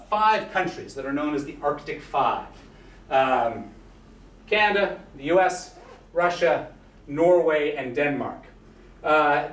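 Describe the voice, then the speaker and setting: A man giving a history lecture in a conversational way, with many "uh" fillers and wry asides. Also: on the high side. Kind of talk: university lecture. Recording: echoey hall, mic far off, faint hiss.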